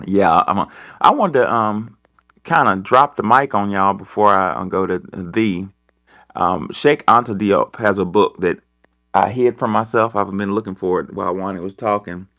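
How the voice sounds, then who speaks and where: A man hosting a talk show with a very deep voice, telling a story loosely with many ums. The recording is dry and close, with no room sound. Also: normal speed, a bit bright, no room sound. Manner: rambling, hesitant, full of ums. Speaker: host. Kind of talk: casual talk-show discussion.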